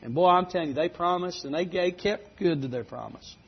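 Man, middle-aged, preacher, folksy storytelling, husky, muffled lo-fi sound. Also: high-pitched, a little fast. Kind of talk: sermon. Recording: dull lo-fi recording.

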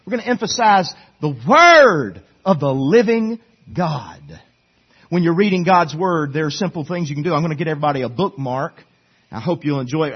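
A man's voice: a little high, breathy edge, muffled recording. A middle-aged man preaching a sermon to his church as their pastor, earnest and pleading, urging them again and again. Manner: earnest, pleading, repetitive exhortation. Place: church sanctuary.

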